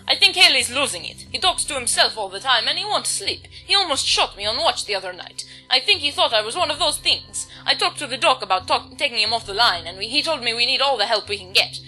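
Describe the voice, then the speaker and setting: A woman voicing an uneasy male space trooper in a deliberately bad put-on Italian accent that drifts toward Russian. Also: on the high side, lively intonation, pushed and bright, faint music behind, poor audio. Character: jittery male space trooper writing a log.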